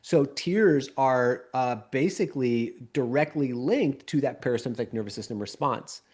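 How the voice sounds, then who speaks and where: A man co-hosting a podcast as a somatic coach, explaining calmly and often checking in with "right?". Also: mid-range voice, moderate pace, breathy edge.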